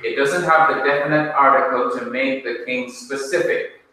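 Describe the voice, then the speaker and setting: A man with a Jamaican accent teaching a language class in a classroom, speaking deliberately and quizzing his students with questions. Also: medium pitch, fairly even intonation, bright, forceful tone, slight background noise. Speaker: Bible teacher. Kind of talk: classroom lecture. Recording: echoey room, mic far off.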